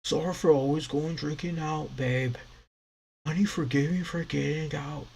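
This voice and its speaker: A man voicing a rowdy grown male ship crewman, a henpecked husband, with gruff, blustering delivery. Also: on the high side, fairly even intonation, normal speed, a little mellow, a little hiss or hum, pitched above the performer's own voice. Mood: apologetic.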